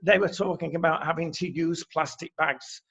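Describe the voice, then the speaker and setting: Blunt manc bloke ranting, high-ish raspy voice, dull lo-fi sound. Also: male voice, fairly even intonation, moderate pace, a bit bright. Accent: Mancunian. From England. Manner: blunt, indignant, hesitant with fillers. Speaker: co-host. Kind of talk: opinion chat.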